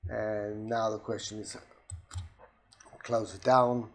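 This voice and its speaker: A man walking through a software demonstration in a steady explanatory way, with a soft voice that does not carry far. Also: fairly low pitch, slow pace. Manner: steady explanatory, with restarts and voice commands. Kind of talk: screen-recorded product demo.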